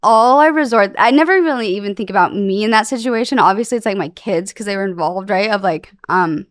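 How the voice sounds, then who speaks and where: A woman's voice: medium pitch, brisk, dry recording, studio quality. A young woman talking candidly as a podcast guest, rambling and emotional, with plenty of fillers. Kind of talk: candid interview talk.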